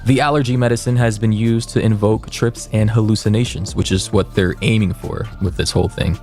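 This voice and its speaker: A man's voice: fairly low pitch, steady tone, a little fast, darkish tone, soft background music. A man reading scripted commentary narration in a blunt, sarcastic manner.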